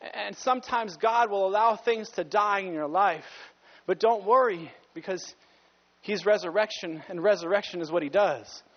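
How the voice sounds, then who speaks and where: A man's voice: high-pitched, moderate pace, big-room sound, dull audio. A male pastor preaching a sermon with passion, sometimes stopping to correct himself.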